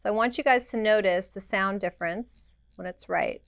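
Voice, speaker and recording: A woman teaches a practical permanent makeup lesson at normal speed, her medium-pitched voice clear and resonant. Direct and hands-on, she imitates the machine's rhythm with small sounds, captured in a dry, studio-quality recording.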